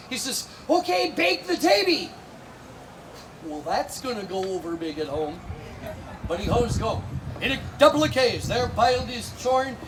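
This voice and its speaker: A man telling a comic fairy tale full of spoonerisms on an outdoor fair stage, bantering with the audience. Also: very high voice. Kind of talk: live comedic storytelling with spoonerisms. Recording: live outdoor show with crowd noise.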